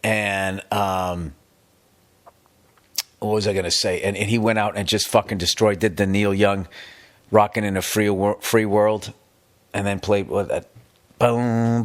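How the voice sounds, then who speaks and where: A middle-aged man from the United States hosting a podcast, talking in a casual, comedic monologue that rambles and swears emphatically. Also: lowish voice. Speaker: podcast host.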